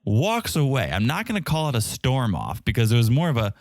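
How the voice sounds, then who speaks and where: A male podcast co-host tells the story in casual chat, and his pitch swings widely as he plays out each quote. The sound is dry and close, with almost no room around it. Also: fairly quick, no echo. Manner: animated storyteller acting out quotes. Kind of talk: casual chat recapping a reality show.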